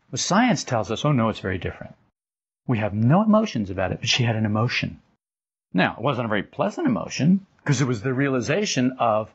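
An older man giving an informal spiritual talk as a teacher, telling stories and acting out quotes with his voice jumping higher. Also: fairly quick, slightly rough. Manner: animated storytelling, acts out quotes with rising pitch. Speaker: esoteric teacher. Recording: dull lo-fi recording.

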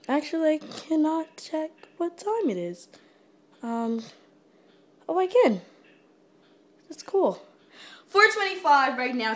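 Excitable high-voiced woman vlogging at home. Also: reverberant. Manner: excitable, dramatic, squealing reactions. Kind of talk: casual vlog chat.

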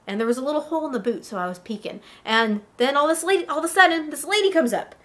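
A woman with a high, light voice spins a first-person adventure for her vlog. She talks in a casual, animated way, piling one event onto the next. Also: quick pace. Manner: animated, breathless tale-telling. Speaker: vlogger.

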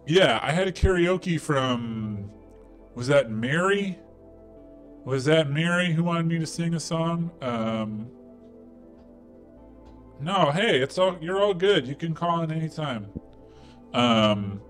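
Man, live stream host, casual rambling chat, unhurried, music faint behind. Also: medium pitch. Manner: rambling, chatty, with many fillers. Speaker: live call-in show host.

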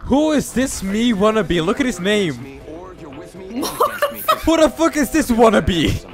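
Gaming host, male, jokey and teasing, bright and very animated delivery. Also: high voice, slow, music in the background. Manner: laughs often, joking and teasing. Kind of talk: casual gaming banter with friends.

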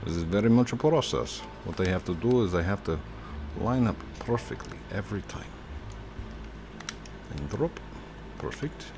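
A man's voice: fairly low pitch, expressive, normal speed, pauses often, music in the background. A man hosting a gameplay video, chatting casually while he plays, teasing his guest and laughing often. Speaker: gaming video host.

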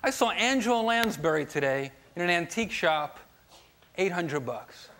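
A young man from New Jersey doing a stand-up set on a late-night TV show, with punchy, energetic joke delivery and loud asides. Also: sits high, normal speed, heavy background noise. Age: young adult. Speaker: stand-up comedian. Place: TV studio stage before a live audience. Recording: live TV studio with loud audience laughter.

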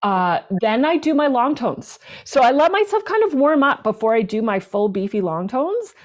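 A woman flute player, a professional performer and teacher, chatting in an interview, animated and talkative with lots of restarts. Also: sits high, normal speed. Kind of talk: casual interview chat.

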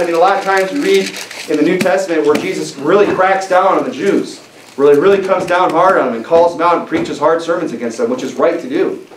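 A man preaches with emphasis in a fairly high voice, working through scripture with many fillers and restarts. His voice comes from a distance into a roomy church, with a faint hum of noise underneath. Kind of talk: sermon with scripture reading. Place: church sanctuary. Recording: echoey church recording from afar, faint noise.

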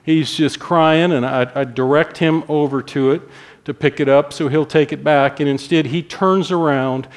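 A man's voice: on the high side, fairly even intonation, moderate pace. A middle-aged man preaching a sermon as pastor, telling a family story and acting out his own stern words to his child.

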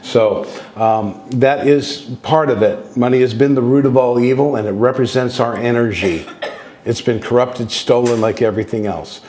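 A man in his sixties, medium-pitched with a darkish tone, tells long, loose personal stories as a guest speaker on contact experiences. He digresses, restarts sentences and acts out bits of dialogue. The recording has slight background noise and a roomy, echoey sound.

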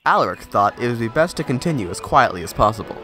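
A man narrating a storybook tale at a measured pace. His pitch is middling, but it rises and falls with plenty of life. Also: sing-song, bright, forceful tone, faint music behind.

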